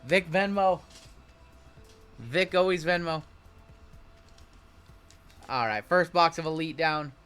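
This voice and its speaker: A man's voice: on the high side, slow pace, pauses often, fairly bright tone, smooth, soft background music. A man hosting a live card break, chatting with viewers as he calls out cards and spots. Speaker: sports card break host.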